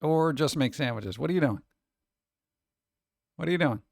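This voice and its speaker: A man hosting casual reaction commentary, excitable and exclamatory, rambling between remarks. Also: a little high, moderate pace, vocal fry, no room sound, studio quality. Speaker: host.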